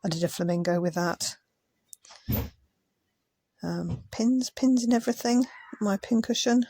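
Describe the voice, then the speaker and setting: A woman's voice: mid-range voice, a little slow, mellow, dry recording. A tired woman chatting casually as a craft vlogger, muttering asides as she sorts things. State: tired, yawning. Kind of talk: casual commentary over sped-up footage.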